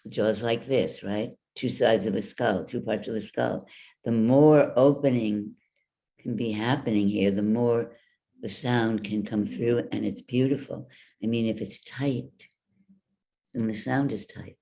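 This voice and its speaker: A woman voice coach giving a workshop talk, speaking deliberately and guiding the listeners through exercises with demonstrations. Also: rumbling low, steady tone, vocal fry, dark tone. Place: virtual workshop from home.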